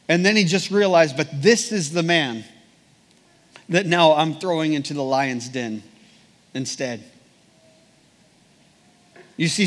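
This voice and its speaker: An earnest man preaching a sermon, reading passages aloud and then circling back to his point with repeated phrases. His voice sits a little higher than most men's, and a long reverb trails off every sentence in a big church room.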